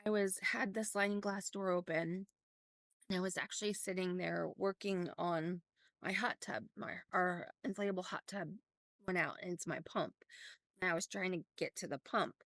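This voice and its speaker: A woman's voice: on the low side, no room sound. A middle-aged woman from Oregon, candidly telling a personal story in a rambling vlog with many restarts. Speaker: vlogger.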